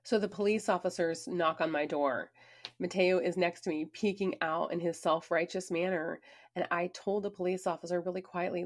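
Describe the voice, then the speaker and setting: Woman reading her own memoir, lowish voice, earnest and emphatic, chatty asides. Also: fairly even intonation, moderate pace. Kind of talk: personal memoir narration.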